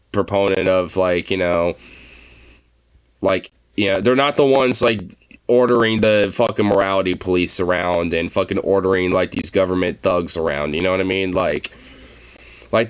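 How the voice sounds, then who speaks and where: A man's voice: deep voice, clear, resonant tone. A man hosting a casual reaction video, rambling with heavy profanity and fillers.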